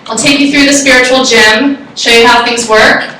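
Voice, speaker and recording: A high-voiced woman tells a story to a live audience with excitable, animated energy. Her voice is bright and forward. She sits a good way from the mic, and the room rings with heavy echo. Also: normal speed, slight background noise. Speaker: speaker giving a talk. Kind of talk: live talk with personal story. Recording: echoey room, far from the mic.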